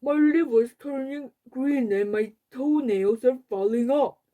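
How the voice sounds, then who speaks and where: A mischievous little boy chatters in a squeaky, sing-song voice pitched far above an adult's, as a woman puts him on while reading a storybook aloud. His delivery is playful and unhurried. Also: dark tone. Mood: chatty. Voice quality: high, squeaky childish voice.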